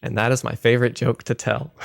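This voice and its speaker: A man streamer telling a long shaggy-dog joke in a drawn-out, playful way. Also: mid-range voice, vocal fry.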